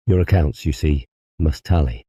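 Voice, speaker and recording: Guy doing a cool scheming doctor, super deep, dark voice, measured and coaxing. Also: slightly rough, no room sound, studio quality. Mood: calm. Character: cold scheming male doctor, calm and persuasive.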